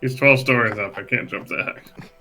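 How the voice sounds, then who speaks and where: A man's voice: mid-range voice, moderate pace, sharp tone, faint music behind. A man playing a tabletop game, cracking dry jokes.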